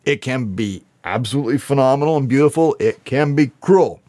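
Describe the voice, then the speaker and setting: A man's voice: medium pitch, expressive, brisk, a little mellow. A man talking to camera as he reacts to song lyrics, earnest, spiritual and emotional, laughing often as he speaks. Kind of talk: heartfelt lyric reaction commentary.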